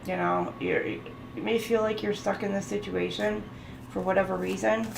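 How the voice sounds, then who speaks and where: A woman's voice: mid-range voice, level tone, moderate pace, creaky. A woman giving a casual tarot reading, chatting and listing card keywords as she goes. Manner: chatty, laughs often, lists card keywords. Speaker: tarot reader. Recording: roomy with faint background noise.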